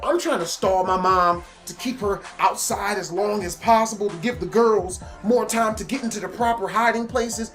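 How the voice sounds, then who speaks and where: A man telling a funny personal story for his vlog, animated and emphatic, swinging between loud outbursts and low mutters. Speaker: storytelling vlogger.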